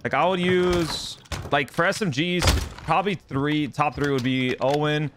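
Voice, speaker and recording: A man's voice: fairly high pitch, fairly even intonation, unhurried, noisy background. A young man streaming a shooter game, chatting casually to his viewers with hyped, slangy banter. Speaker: streamer and pro gamer. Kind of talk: casual gameplay commentary to chat. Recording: loud gunfire from the game.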